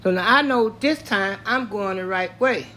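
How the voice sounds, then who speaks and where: An older man from Tennessee, slowly and plainly recounting a story from his own life. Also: sits high, sharp tone, a little hiss or hum. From Tennessee, US South. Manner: slow, plainspoken, matter-of-fact telling. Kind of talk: spoken personal story.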